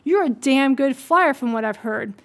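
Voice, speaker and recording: A woman reading aloud as a gruff, grizzled old male wizard teacher who growls his advice. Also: sits high, expressive, normal speed.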